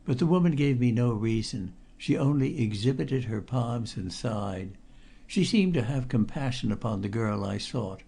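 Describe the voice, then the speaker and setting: A man reading a period spy novel aloud in measured, even storytelling narration. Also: medium pitch, vocal fry, breathy edge. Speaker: audiobook narrator. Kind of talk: scripted audiobook narration.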